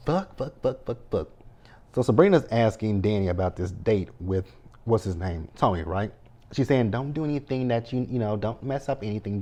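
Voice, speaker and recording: A man's voice: fairly low pitch, mellow. A man giving a casual, blunt, profane recap of a TV episode and talking back to the characters as he goes. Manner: blunt, profane running commentary. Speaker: TV show recapper.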